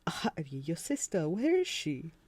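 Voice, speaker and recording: A storyteller voicing a grieving alien clan father who has just found his lost child, speaking softly and with emotion. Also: medium pitch, wildly swooping pitch, normal speed, slightly rough, exaggerated voice. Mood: tender.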